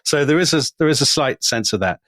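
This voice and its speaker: A man co-hosting a podcast, telling history in a lively conversational way and dropping his voice to quote people. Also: fairly quick, no echo, clean studio sound. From Britain. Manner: animated, quotes figures in lowered voice. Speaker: podcast co-host.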